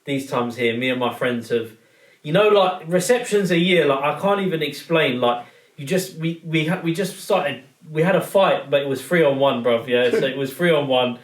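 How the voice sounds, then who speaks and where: A young man telling animated, slang-heavy stories in a casual podcast chat. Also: fairly high pitch, normal speed. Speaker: podcast guest or co-host. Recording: roomy, distant mic.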